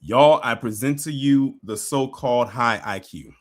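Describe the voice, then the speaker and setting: A man's voice: mid-range voice, measured pace. A man hosting a livestream, reacting with sarcastic, teasing commentary. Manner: teasing, sarcastic, laughing asides. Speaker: livestream host.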